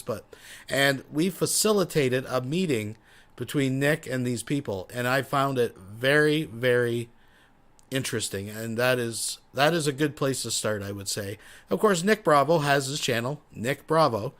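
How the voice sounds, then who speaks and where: A man's voice: medium pitch, expressive, moderate pace, a bit bright. A man hosting a livestream, giving wry, casual commentary and addressing viewers as folks. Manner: wry, says "folks" often. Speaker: livestream host.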